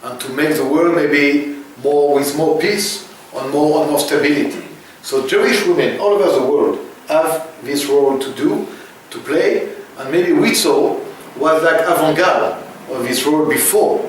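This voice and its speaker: French-accented guy in an interview, halting and emphatic, kinda high voice, very echoey room. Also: distant mic, slight background noise. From France. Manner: halting, repeats words for emphasis. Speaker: interview guest.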